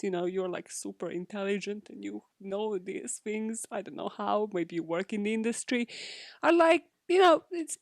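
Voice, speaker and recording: A woman's voice: a little high, darkish tone, dry recording. Young British woman, podcast host; giggly, loose, a little sweary, upper-register voice, dry booth sound. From Britain. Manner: chatty, giggly, swears freely. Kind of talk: casual solo podcast chat.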